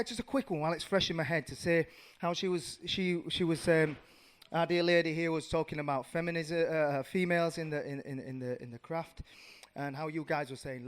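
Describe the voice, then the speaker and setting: A fairly high-voiced man in his thirties tells a story to a room, animated and slangy. He stumbles, restarts and fills gaps with "uh", then surges with energy. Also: clean tone. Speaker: audience member. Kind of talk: casual storytelling.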